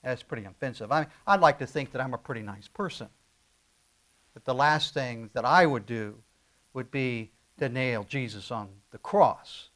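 A middle-aged male pastor preaching a sermon, swinging from loud stressed phrases down to quiet asides. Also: moderate pace. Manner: emphatic, rising to loud stresses then dropping low.

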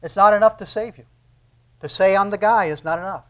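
A man's voice: high voice, fairly quick, a bit bright. A man preaching a sermon in an earnest, conversational way, repeating key phrases for emphasis.

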